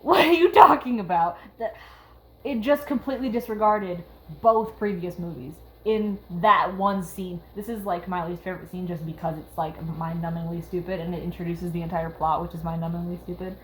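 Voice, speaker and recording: A woman's voice: lowish voice, steady tone, a little fast, few pauses, slight background noise, poor audio. A young woman giving casual critical commentary, ranting with exasperated sarcasm. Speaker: video essayist.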